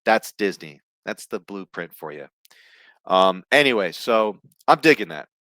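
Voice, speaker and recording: A man's voice: lowish voice, very animated, measured pace, fairly bright tone, dry recording. A man ranting on a movie news show, blunt and profane, reading headlines aloud and tossing in asides. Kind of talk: casual ranting commentary.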